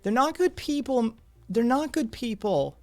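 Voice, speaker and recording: A man voicing an anxious young male street kid who stammers and pleads in a high voice. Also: lively intonation, measured pace, a little mellow, soft background music, heavily acted. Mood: urgent.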